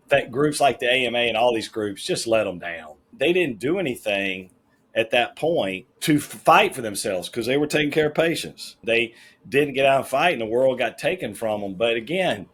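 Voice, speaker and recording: A middle-aged man talks as a podcast guest, with a husky grain to his voice. He tells his stories in an emphatic, folksy, plain-spoken way, with a casual and direct manner. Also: medium pitch, fairly bright tone. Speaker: podcast guest, managing partner of a health-plan firm. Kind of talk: casual interview storytelling.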